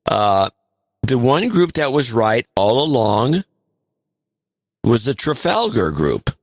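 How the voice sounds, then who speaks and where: A man's voice: mid-range voice, big pitch swings, slow pace, dry recording, studio quality. A man co-hosting a podcast in casual political chat, emphatic and repeating words for stress. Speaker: podcast co-host.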